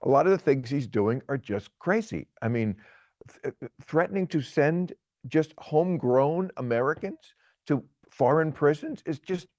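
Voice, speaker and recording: A man in his sixties giving opinionated political talk, halting and repeating words, then pressing his point emphatically. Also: fairly high pitch, lively intonation, a little mellow, no echo, dull audio. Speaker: guest commentator.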